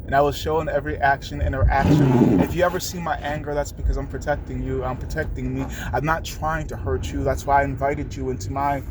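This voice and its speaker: A man's voice: medium pitch, little pitch movement, brisk, hardly any pauses, heavy background noise. A young man in a rambling, emotional spoken-word monologue. He swears freely and speaks straight to someone he loves. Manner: earnest, emotional, profane, talking to a loved one. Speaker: vlogger.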